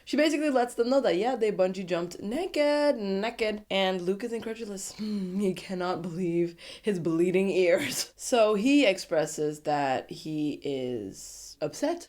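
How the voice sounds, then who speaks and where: A woman giving a casual, animated, sassy recap of a reality show episode and laughing often. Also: fairly low pitch.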